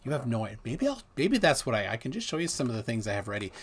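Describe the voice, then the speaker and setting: A middle-aged man hosting a livestream, talking casually in a rambling, animated way with many restarts. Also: medium pitch, rapid-fire, slightly rough. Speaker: livestream host.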